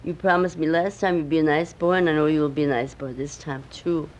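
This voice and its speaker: A woman's voice: deep voice, steady tone, brisk, darkish tone, pitched below the performer's own voice, lightly acted, low-quality recording. An older woman voicing a kindly, fatherly old man in the moon in a storybook tale, patient and reassuring.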